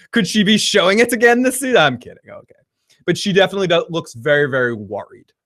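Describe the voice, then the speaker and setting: A man with a slightly high-pitched voice hosts a casual reaction livestream. He rambles, jokes, swears freely and laughs often. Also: expressive, a little fast, a bit bright. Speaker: livestream host. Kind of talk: casual reaction chat, reading viewer comments.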